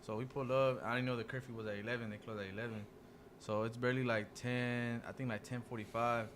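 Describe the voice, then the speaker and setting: A man's voice: mid-range voice, level tone, fast talker, noisy background. Laid-back young man telling a story. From Dallas area. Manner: laid-back, swears freely, acts out dialogue. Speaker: podcast guest telling a story. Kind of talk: casual storytelling among friends.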